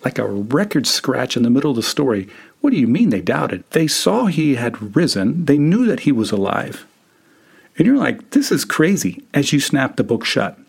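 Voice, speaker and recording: A man with a gravelly, slightly husky voice spins a second-person story as a podcast host. His delivery is vivid and wry, with a dry sense of humor, at a middling pitch. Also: big pitch swings, normal speed.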